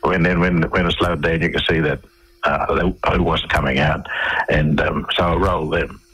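Man, Australian accent, deep low voice, husky, rambling with restarts, radio interview guest. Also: fairly even intonation, normal speed, a bit bright, poor audio. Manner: rambling, with many fillers and restarts. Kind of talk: conversational storytelling.

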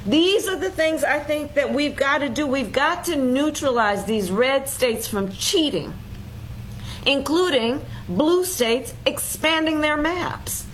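A woman with a high voice delivers a measured political speech. She leans on key phrases with deliberate emphasis, with faint ambient noise underneath. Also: lively intonation, low-quality recording. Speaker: politician in an archive clip.

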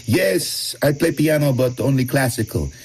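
A man's voice: medium pitch, expressive, normal speed, a little hiss or hum, voice pushed up, lightly acted. A man voicing a polite, agreeable Italian male conductor who answers in short repeated replies. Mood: eager.

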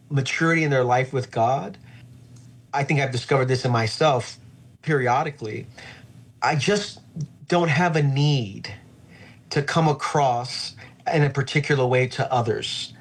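A man who is a pastor, speaking earnestly and reflectively in an interview about faith, slowing down to stress key phrases. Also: medium pitch, slightly rough.

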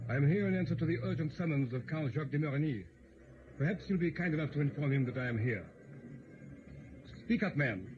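A man's voice: fairly high pitch, lively intonation, brisk, pauses often, close to an everyday voice. A man playing a self-important police inspector in an old radio drama, speaking in a commanding, impatient and somewhat pompous way. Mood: brisk. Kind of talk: 1940s radio acting. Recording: dull old radio broadcast with faint hiss.

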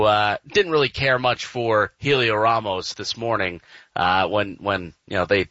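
A man's voice: on the low side, no room sound, dull audio. A man co-hosting a sports talk show, talking casually and venting with exaggerated outrage. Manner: animated, vents with exaggerated outrage. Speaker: sports radio co-host.

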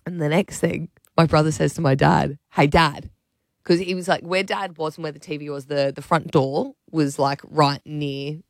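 An Australian morning radio host telling a story, animated and rambling, on a studio microphone. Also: medium pitch, moderate pace, no echo. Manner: animated, rambling, lots of fillers and laughs.

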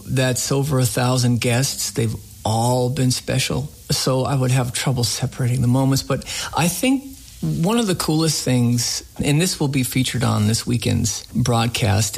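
A man, the host of a radio show, telling a story in a casual interview, animated and full of fillers. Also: mid-range voice, creaky.

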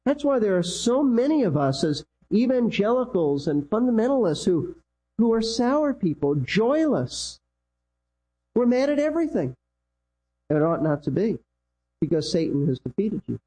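Emphatic preacher with a husky mellow voice. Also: male voice, big pitch swings, moderate pace, poor audio. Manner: emphatic preaching, repeats key lines, pitch swings. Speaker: pastor. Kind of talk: sermon.

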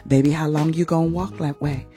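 A woman playing a soft-spoken older church mother. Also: sits low, steady tone, a little fast, faint music behind, lightly acted. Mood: gently scolding.

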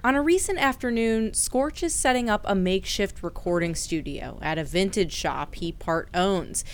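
A woman radio reporter reading a scripted news feature. Her voice is smooth and resonant, and her delivery is measured and even. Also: mid-range voice.

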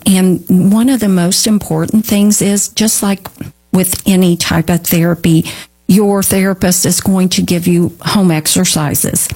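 A woman from a therapy company answering interview questions in a measured, explanatory way, with frequent ums and restarts. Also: on the low side, darkish tone.

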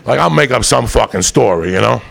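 A man's voice: medium pitch, expressive, fairly quick, creaky, a bit bright. A man telling a rowdy comic story with heavy swearing and bursts of laughter. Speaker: comedian storyteller. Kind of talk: profane comic storytelling monologue.

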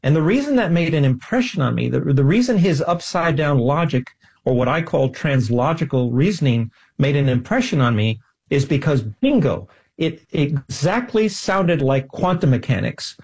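A man's voice: on the high side, big pitch swings, normal speed, creaky, darkish tone, husky. A man speaking as a guest in an interview, earnest and self-deprecating, telling a personal story with enthusiasm. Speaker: guest, scientist.

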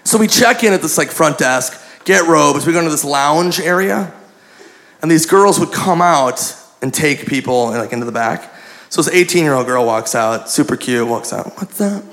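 A man's voice: fairly high pitch, moderate pace, vocal fry, a bit bright. A man doing crude stand-up storytelling on a club stage, laughing through his punchlines. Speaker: stand-up comedian. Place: comedy club stage with live audience. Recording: live club recording with crowd laughter and noise.

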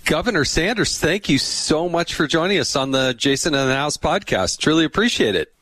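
A man's voice: on the high side, fairly quick, dry recording. A middle-aged man hosting a political podcast, chatting casually and telling funny anecdotes. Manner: chatty, tells funny anecdotes with animated quoted voices. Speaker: podcast host.

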